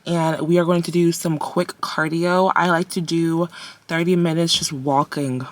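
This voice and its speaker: A woman's voice: low voice, fairly even intonation, normal speed. A young woman chatting casually to her viewers from her car on the way to the gym, upbeat and talkative. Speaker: vlogger. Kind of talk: casual vlog chat.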